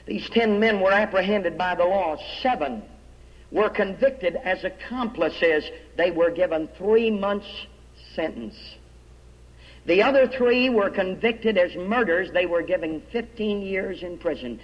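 High-voiced preacher in an echoing hall. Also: male voice, measured pace. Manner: dramatic storytelling, drops low and soft on key words, quotes old-style scripture. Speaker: evangelist preacher. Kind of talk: revival sermon with storytelling. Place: large church hall. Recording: dull lo-fi recording with long hall reverb.

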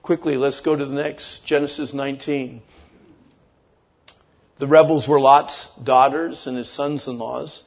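A man in his fifties preaching a lively sermon, leading the congregation in call-and-response and acting out kids' complaints. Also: mid-range voice, measured pace, creaky. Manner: animated, playful, acts out kids' voices. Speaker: pastor.

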